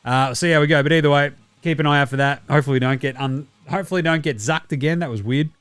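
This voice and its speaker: A man's voice: on the high side, fast, fairly bright tone, clear, resonant tone, no room sound, faint music behind. A man with an Australian accent signing off his podcast casually, laid-back and swearing now and then. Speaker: podcast host.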